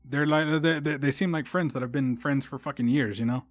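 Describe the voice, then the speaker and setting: A man's voice: medium pitch, a little fast, dry recording, studio quality. A young man hosting a solo podcast, rambling and swearing a lot with frequent restarts. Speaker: podcast host. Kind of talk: casual solo podcast monologue.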